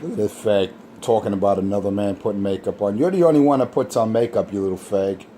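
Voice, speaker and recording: Low man ranting, scornful, faint noise behind. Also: fast, mellow. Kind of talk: casual trash talk.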